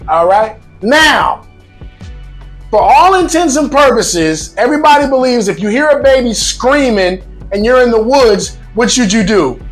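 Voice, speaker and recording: A man hosting a casual vlog, talking to viewers in a lively, joking way with emphatic asides. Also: extremely high pitch. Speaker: vlog host.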